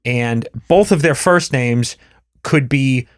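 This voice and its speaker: A man's voice: mid-range voice, slow, smooth, no echo, studio quality. A man hosting a podcast, chatting casually and explaining at length with many restarts and fillers. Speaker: podcast host. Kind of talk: casual conversation.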